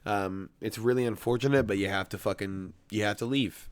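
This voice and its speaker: A man giving casual MMA fight predictions in a brash, rambling, emphatic way. He swears heavily, and his voice is getting hoarse. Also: lowish voice, fairly quick.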